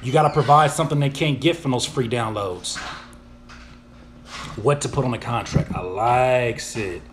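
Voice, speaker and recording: A man hosting a casual live Q&A, reading viewers' questions aloud and answering in an animated, slangy way. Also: mid-range voice, normal speed, a little hiss or hum. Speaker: YouTuber and music producer answering viewer questions.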